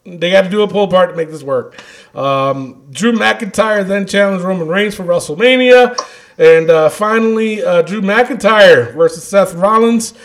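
A man co-hosting a wrestling podcast in casual chat, animated and laughing often as he rants. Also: high voice, normal speed. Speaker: podcast co-host.

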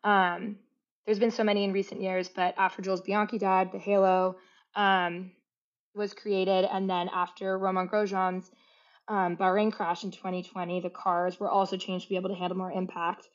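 A young woman co-hosting a casual podcast chat, giving quick, informative points with lively asides. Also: medium pitch. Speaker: podcast co-host. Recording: dull lo-fi sound.

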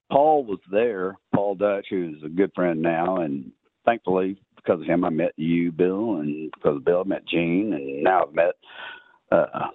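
Deep-voiced texan guy rambling thru a poker story, lots of uhs, tinny dry phone sound. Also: dry recording. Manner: rambling, many ums and uhs, chuckles while telling. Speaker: podcast guest. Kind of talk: casual storytelling.

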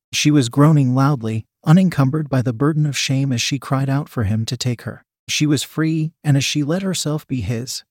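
A man narrating a scripted erotic story in a steady, measured reading. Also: mid-range voice, husky, dry recording, studio quality.

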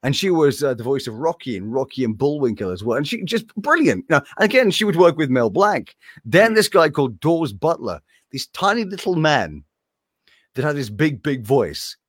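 A man's voice: a little high, moderate pace, dry recording, clean studio sound. A man who works as a voice actor, talking casually in an interview in a room hung with animation art. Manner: animated, slips between impressions.

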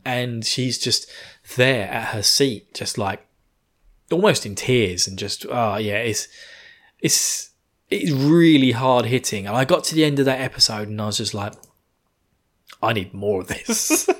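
A man, chatting casually as a podcast host reviewing an anime, animated and laughing often. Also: mid-range voice. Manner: animated, laughs often, acts out characters' lines.

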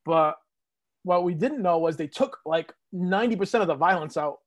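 A man's voice: high voice, lively intonation, moderate pace, dry recording. A man in his fifties from New England, reminiscing in rambling casual chat with many fillers, as a guest on a podcast. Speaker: guest, host's father or uncle.

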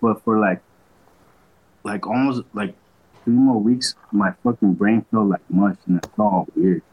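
A man's voice: lowish voice, steady tone, a little slow, slightly rough, lo-fi sound. A young man casually telling a long story on a podcast, swearing a lot and acting out what everyone said. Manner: laid-back slangy storyteller, quotes people in voices.

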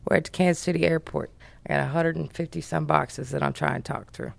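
An American woman, a business founder, telling a story as a podcast guest in a brash, profane, animated way. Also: low voice, fast talker, creaky.

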